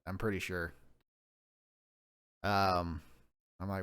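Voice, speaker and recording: A man's voice: lowish voice, moderate pace, clean tone. A man co-hosting a podcast, telling a rambling, profane story in casual chat. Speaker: podcast co-host.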